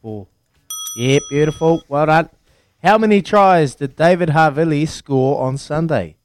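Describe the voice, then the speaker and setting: Upbeat New Zealand radio quiz host. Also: male voice, on the high side, unhurried, slight background noise. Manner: upbeat, counts down and teases callers. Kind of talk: breakfast radio quiz banter.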